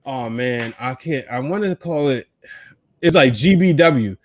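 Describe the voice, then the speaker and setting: A man co-hosting a podcast, telling an animated story full of fillers. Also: mid-range voice, a little slow, dry recording, studio quality. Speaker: podcast co-host. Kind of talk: casual chat.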